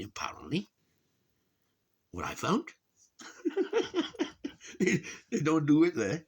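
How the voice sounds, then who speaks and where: This middle-aged Welsh vlogger speaks a little slowly in a fairly high, husky voice with vocal fry, huge pitch swings and long pauses. He rambles and grumbles casually to camera, swearing heavily and laughing at what he says.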